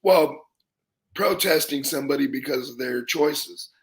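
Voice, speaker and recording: Blunt, gravelly man in his fifties. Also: medium pitch, a little slow. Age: 50s. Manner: blunt, opinionated, plain-spoken. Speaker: podcast host. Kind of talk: casual chat.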